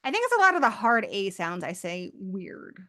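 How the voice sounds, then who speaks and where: A woman's voice: mid-range voice, big pitch swings, normal speed, sharp tone. A woman from England, with an accent mixing British and American, chatting casually and rambling a little. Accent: mixed British and American. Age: adult. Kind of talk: casual chat.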